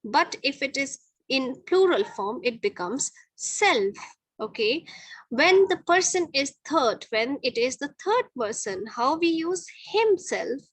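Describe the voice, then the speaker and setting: A woman's voice: high voice, sing-song, slow, no room sound, poor audio. A middle-aged woman teaching a grammar lesson to children, patiently repeating each point and checking with "okay".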